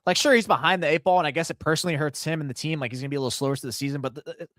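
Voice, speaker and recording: Man, sports podcast co-host, rapid-fire, animated, laughing, dry sound. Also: a little high, dry recording. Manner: fast, animated, laughing, acts out quotes. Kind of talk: casual sports talk.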